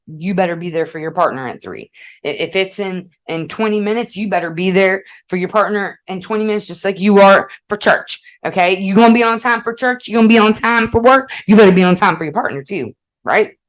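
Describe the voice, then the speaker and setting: A woman's voice: medium pitch, a little fast, low-quality recording. A woman hosting a relationship advice podcast, mixing read passages with blunt, profane asides and frequent "okay?" check-ins. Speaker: podcast host.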